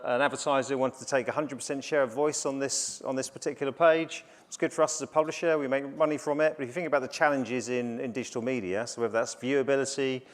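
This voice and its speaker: A middle-aged man from the UK giving a business conference presentation, conversational with many fillers and restarts. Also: mid-range voice. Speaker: conference speaker. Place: conference stage.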